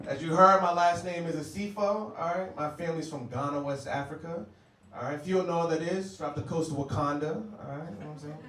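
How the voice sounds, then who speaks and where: A man's voice: fairly high pitch, fast, a bit bright, slight background noise. A man from the United States doing a brash stand-up set, joking and talking to the crowd. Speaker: stand-up comedian. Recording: roomy club sound, distant mic.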